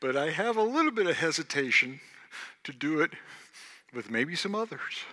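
A man with a Southern accent, a pastor making church announcements in a loud, animated, joking preacher style. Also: fairly high pitch, moderate pace. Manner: loud, animated, jokey, swings between shouting and hushed. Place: church sanctuary. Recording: long hall reverb.

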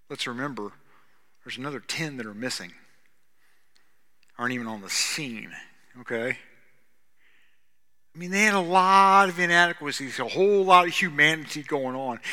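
A man preaching a sermon as pastor, talking conversationally and swinging between loud stretches and hushed ones. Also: medium pitch. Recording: long reverb of a large hall.

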